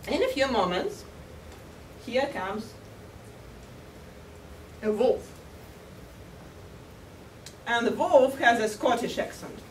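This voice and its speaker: A woman tells a humorous fable as a contest speaker, playful and chuckling at her own jokes. Her voice is high and swoops widely as she takes her time over each line. She is heard from far off in a large echoey hall. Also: a little hiss or hum. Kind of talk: humorous storytelling speech. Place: large hall at a cultural center.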